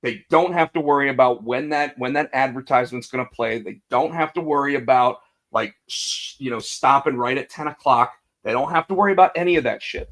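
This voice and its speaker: A podcast co-host on a casual wrestling show tells a story with energy, speaking briskly in a mid-range voice with hardly any pauses. He acts out quotes and restarts his sentences often in his animated storytelling.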